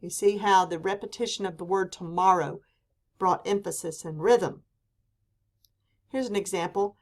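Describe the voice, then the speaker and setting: Lecturing to a class, this female teacher has a lowish, creaky voice. She talks at a deliberate pace and stresses the quoted examples she reads aloud.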